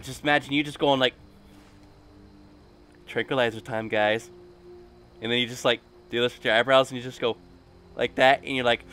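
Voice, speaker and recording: A man's voice: medium pitch, a bit bright. A man streaming a video game, chatting casually in a goofy, rambling, jokey way. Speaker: gaming streamer.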